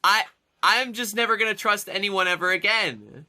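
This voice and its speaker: A man's voice: high voice, moderate pace, pushed and bright, dry recording. A man playing a tabletop game, talking frantically, with swearing and dramatic outbursts. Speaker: player voicing his character. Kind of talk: excitable tabletop game banter.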